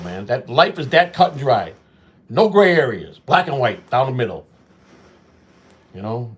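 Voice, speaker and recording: A middle-aged man hosting a walk-and-talk show, telling street stories bluntly and with lots of swearing, acting out both sides of old arguments. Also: mid-range voice. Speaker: show host.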